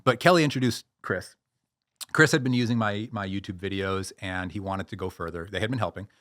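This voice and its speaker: A man with a somewhat low voice appears as the expert guest on a podcast interview, specializing in posture and pain relief. He tells stories animatedly and often restarts his sentences, and the sound is close and dry with no echo.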